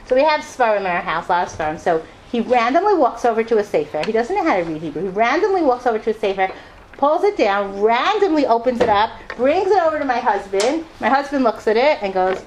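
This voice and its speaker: A middle-aged woman speaks fast in a fairly high voice, telling an audience a personal story with a little hiss or hum behind her. She's animated and acts out the voices of the people she quotes.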